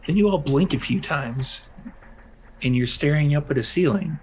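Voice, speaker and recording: A man narrating a tabletop game as game master, in loose, halting description with many fillers. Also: a little high, a little mellow, a little hiss or hum, low-quality recording.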